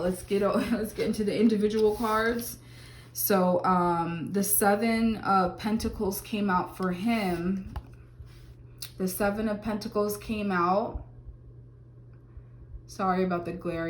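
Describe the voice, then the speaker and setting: A woman's voice: mid-range voice, steady tone, slow, roomy sound, a little hiss or hum. A woman giving a casual tarot reading to camera, chatty, with many fillers and exclamations. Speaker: tarot reader.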